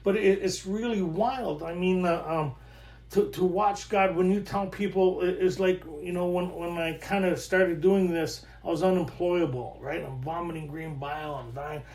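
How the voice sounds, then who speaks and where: A middle-aged man with a high-pitched voice gives a casual storytelling talk from home. He is animated, laughs often and repeats his phrases for emphasis. The sound is echoey, as if recorded in a bare room. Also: normal speed. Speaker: recovery workshop speaker.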